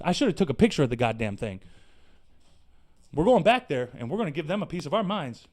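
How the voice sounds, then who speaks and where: A man hosting a podcast, delivering an animated, profane, sarcastic rant in casual slangy talk. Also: high voice, fairly quick. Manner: animated, profane, exasperated ranting. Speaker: podcast host. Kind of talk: casual ranting monologue.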